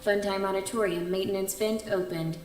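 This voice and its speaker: Woman as a clipped, flat facility announcer, mid-pitched, echoey game audio. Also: brisk, soft background music, lightly acted.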